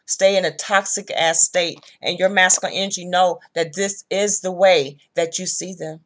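A woman's voice: lowish voice, steady tone, moderate pace, a bit bright. Blunt, profane woman tarot reader. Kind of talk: casual tarot reading.

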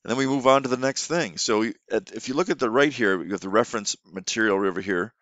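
A man's voice: fairly low pitch, quick pace, fairly bright tone, no echo, highs cut off. A man, an online English teacher, explaining classroom tips in a casual way with frequent restarts. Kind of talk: instructional teaching tips video.

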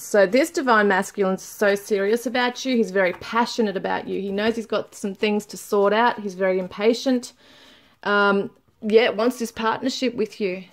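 A woman giving a casual tarot reading to viewers, chatty and laughing often, reading card messages aloud slowly. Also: mid-range voice, fairly even intonation, soft background music. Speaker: tarot reader.

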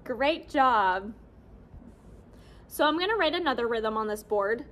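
A young woman teaching children a music lesson on rhythm, cheerful and clear, modeling syllables for them to repeat. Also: fairly high pitch, expressive, unhurried, a bit bright. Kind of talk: classroom lesson video for children.

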